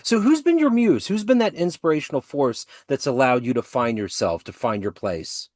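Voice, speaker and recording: A man's voice: mid-range voice, animated, normal speed, a little mellow, no room sound, clean studio sound. A man hosting an interview, asking questions and backing up his guest with short affirmations. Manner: encouraging, frequent short affirmations. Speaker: interview host. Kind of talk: casual interview talk.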